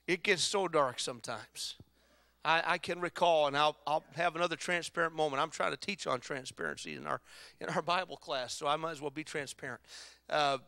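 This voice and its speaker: A pastor delivers a sermon in a bright, ringing voice pitched somewhat high for a man. He moves between loud exhortation and hushed personal testimony. The sound is close and dry. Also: no room sound. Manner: preaching with testimony, swings from loud exhortation to quiet storytelling. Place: church sanctuary.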